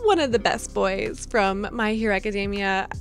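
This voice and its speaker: A woman's voice: medium pitch, normal speed, vocal fry. A young woman in casual vlog chat about her collection, gushing and giggly, full of fillers. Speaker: vlogger. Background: soft lo-fi music.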